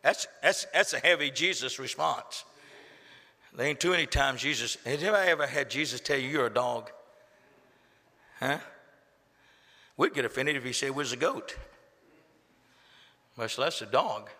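A man's voice: medium pitch, moderate pace, pauses often, sharp tone. A man preaching a sermon in a church, folksy and storytelling, building to impassioned peaks. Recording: echoey hall reverb.

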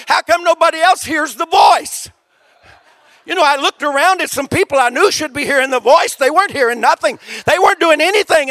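A male preacher giving a sermon testimony, telling his story in a folksy way that rises to shouting. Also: extremely high pitch, no echo.

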